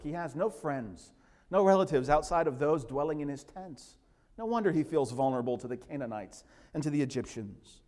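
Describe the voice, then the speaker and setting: A man preaching in a church sanctuary, his fairly high voice carrying a long reverb off the hall. He is a pastor giving an expository sermon and tells the story vividly, acting out voices as he goes. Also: a little mellow.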